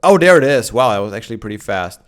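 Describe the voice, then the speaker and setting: Young male let's player, smooth clear voice, rambling casual commentary, morning voice. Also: on the low side, animated, fast. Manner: chatty, thinking aloud with many fillers.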